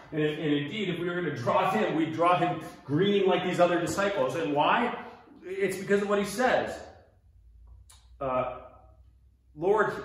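American guy doing bible study in a church room, chatty, lots of restarts, really echoey. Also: on the high side. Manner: conversational, explains with a map, many restarts. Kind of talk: casual Bible study lesson.

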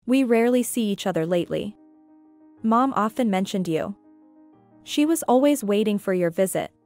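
A woman's voice: medium pitch, expressive, moderate pace, darkish tone, soft background music, lightly acted. A woman reading the lines of a weary, guarded grieving woman in her plain storytelling voice.

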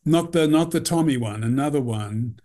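A man's voice: medium pitch, normal speed, warm tone. Rambling man telling backstage stories. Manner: rambling, lots of "you know", acts out quotes. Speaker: costume designer, guest. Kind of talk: anecdotal interview storytelling.

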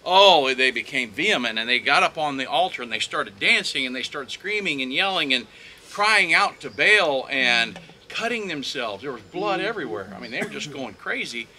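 A man's voice: fairly high pitch, animated, normal speed, pushed and bright, slight background noise. A man telling a Bible story with animation, acting out what the characters say, outdoors at the site of the story. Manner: acts out the quoted speakers, with frequent restarts.

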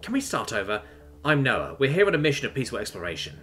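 Voiced by a man, an earnest spaceship captain in a sci-fi audiobook talks with lively, animated pitch. He sounds friendly and eager to explain. The voice stays bright and clear. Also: quick pace, faint music behind. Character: friendly human male captain, earnest and apologetic.

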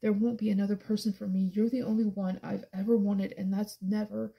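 A woman's voice: medium pitch, level tone, fairly quick, vocal fry, breathy edge, muffled recording. A woman reading the part of a desperate, devoted young man, pleading earnestly.

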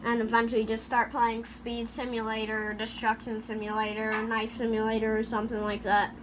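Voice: medium pitch, completely flat delivery, a little fast, noisy background. A gaming YouTuber giving goofy, chatty commentary over gameplay, talking into a headset mic. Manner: chatty, goofy, makes sound effects.

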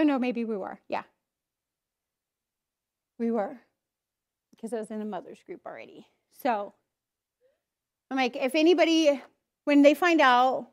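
High-voiced woman giving candid testimony. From Idaho, US. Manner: candid, emotional storytelling with acted inner voices. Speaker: church speaker giving testimony. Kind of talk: personal testimony talk.

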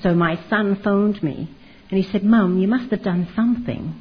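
Husky older woman telling her story. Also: medium pitch, normal speed. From Canada. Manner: chatty, humorous storytelling. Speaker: testimony speaker. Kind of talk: personal testimony talk. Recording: dull lo-fi recording.

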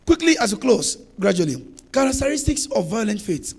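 A man preaching a charismatic sermon as pastor, fervent and emphatic, repeating phrases and bursting into shouts. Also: high voice, big pitch swings, normal speed, gravelly, slightly rough. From Nigeria.

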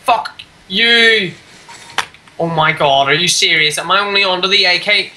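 A woman's voice: on the low side, moderate pace, bright, forceful tone, a little hiss or hum, low-quality recording. A woman ranting and swearing at a rival player while commenting on her own gameplay. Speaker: gamer.

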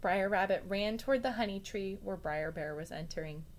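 A woman teacher reading a story aloud to students in an expressive way, with chatty asides to the children. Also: mid-range voice, normal speed, slight background noise.

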